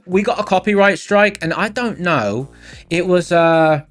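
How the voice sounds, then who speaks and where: An English man with a high voice and measured pace hosts a livestream, chatting casually and reading out viewer comments with lots of fillers. Faint music plays in the background.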